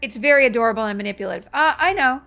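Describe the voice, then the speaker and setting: A woman's voice: fairly high pitch, rapid-fire, vocal fry, faint music behind. Chatty woman streaming a video game. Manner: chatty, animated storytelling, reacting to the game. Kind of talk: casual chat while gaming.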